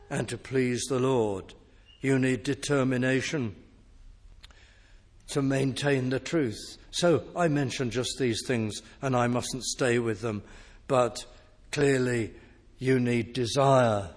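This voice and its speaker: A man preaches a sermon at a slow, deliberate pace, leaning on key phrases for emphasis. His voice sits at an ordinary pitch and carries a long hall reverb around it.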